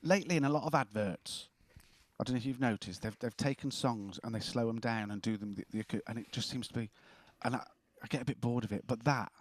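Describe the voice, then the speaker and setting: A man's voice: medium pitch, quick pace, dry recording. A man hosting an online show, chatting casually and hesitantly, often restarting his sentences. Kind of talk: casual chat.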